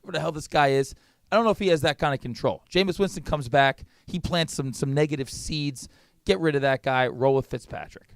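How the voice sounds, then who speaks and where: A man co-hosting a sports podcast in casual chat, fired up and opinionated, cracking quick jokes. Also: a little high, vocal fry, no echo, studio quality.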